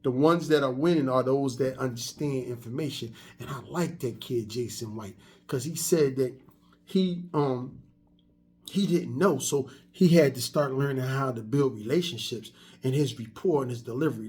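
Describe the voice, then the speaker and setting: A husky-voiced man in his fifties talks straight to the camera in a casual motivational vlog. He tells stories conversationally and often circles back and restarts his sentences. His pitch sits in a middle range for a man. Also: normal speed, darkish tone. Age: 50s. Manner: conversational storytelling, repetitive restarts. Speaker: vlogger.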